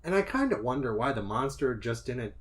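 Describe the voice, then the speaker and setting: A man's voice: mid-range voice, sing-song, brisk. Man analyzing films in casual chat. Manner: analytical, thinks aloud while explaining. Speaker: podcast co-host. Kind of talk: casual film discussion.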